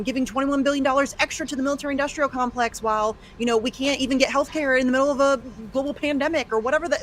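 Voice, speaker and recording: Casting: high-pitched woman, furious and emphatic, faint rumble behind. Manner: indignant, emphatic, swears. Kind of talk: angry political rant.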